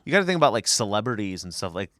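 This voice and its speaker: A man in casual podcast chat who weighs his words and hedges his opinions. His voice is bright and forward, with lively swings in pitch. The recording is dry. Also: very fast, no room sound. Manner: thoughtful, hedging. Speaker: podcast co-host.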